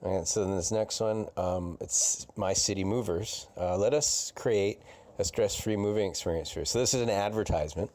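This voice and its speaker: A man's voice: on the low side, moderate pace, few pauses, darkish tone. A man hosting a solo podcast, rambling and mumbling with a lot of swearing. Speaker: podcast host. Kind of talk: casual solo podcast chat.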